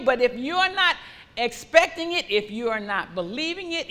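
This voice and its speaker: A woman preaching a sermon with fervent, repetitive declarations that rise into loud praise. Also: on the high side, very animated, normal speed, long reverb tail.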